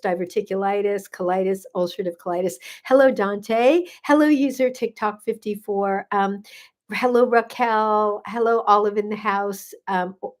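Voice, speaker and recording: An older woman who is a gut health coach, hosting a casual livestream and effusively greeting viewers by name with drawn-out hellos. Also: mid-range voice. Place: home in Santa Barbara.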